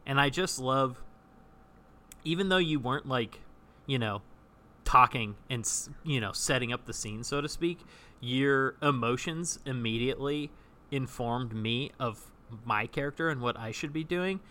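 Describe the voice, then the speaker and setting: A man's voice: medium pitch, unhurried, sharp tone. A man co-hosting a casual podcast chat about improv, enthusiastic and full of restarts. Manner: chatty, enthusiastic, restarts often. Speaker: podcast co-host.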